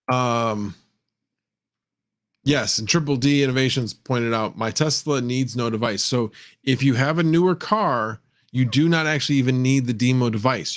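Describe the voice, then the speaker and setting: A man hosting a casual livestream, thinking out loud and reading viewer comments as he goes. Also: mid-range voice. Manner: rambling, reads chat aloud, thinks out loud. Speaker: livestream host.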